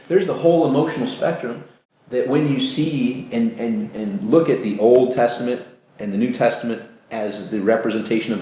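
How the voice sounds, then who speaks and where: A man raised in New York State hosts a casual talk about faith, telling personal stories with earnest feeling and acting out voices when he quotes people. His voice is lowish with a darkish tone, heard in an echoey room near a beach with faint ambience and slight background noise.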